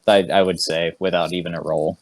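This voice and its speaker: A man's voice: deep voice, brisk, dry recording. Laid-back man narrating as game master. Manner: relaxed, filler-heavy, laughing asides. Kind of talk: narrating a tabletop game online.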